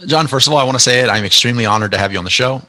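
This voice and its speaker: A man's voice: mid-range voice, rapid-fire, sharp tone, no room sound. A man hosting a podcast interview, chatting eagerly and often restarting his words. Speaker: podcast host. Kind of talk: casual interview chat.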